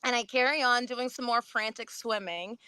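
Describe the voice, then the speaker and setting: A woman with a bright, ringing, fairly high voice tells a story in casual podcast chat. She animates it, leaping up in pitch whenever she acts out what someone said, and laughs often. The sound is close and dry. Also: moderate pace, clear, resonant tone, dry recording. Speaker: podcast guest.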